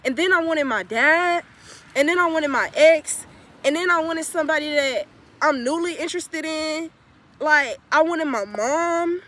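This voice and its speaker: A woman's voice: high voice, measured pace, a bit bright. A young woman telling a confessional story in a blunt, profane, emphatic way that repeats phrases for weight. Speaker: spiritual vlogger.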